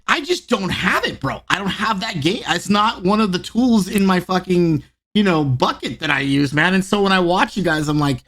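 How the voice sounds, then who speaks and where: High-voiced animated male podcast host. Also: normal speed, few pauses. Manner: animated, mimics others when quoting them. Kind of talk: casual podcast chat.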